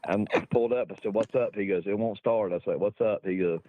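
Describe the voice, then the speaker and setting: Lowish and quick, the voice comes from a middle-aged guest rambling through a long racing story in a casual way. He's salty and self-mocking, often laughing at himself, and the recording is dry and thin, resembling a phone line.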